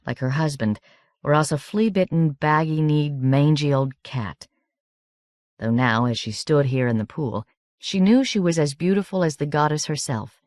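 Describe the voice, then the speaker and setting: A woman narrating a novel as an audiobook in a steady, measured reading. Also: low-pitched, no room sound, clean studio sound.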